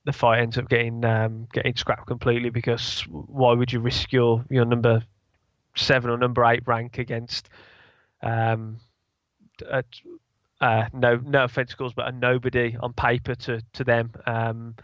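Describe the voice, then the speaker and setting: A man co-hosting a podcast in a flat, steady tone, full of fillers and restarts as he talks. The sound is dry, with no room around it, and slightly dull. He keeps to the middle of his range throughout. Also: mid-range voice, no echo. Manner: halting, many fillers and restarts. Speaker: co-host. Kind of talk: casual podcast chat.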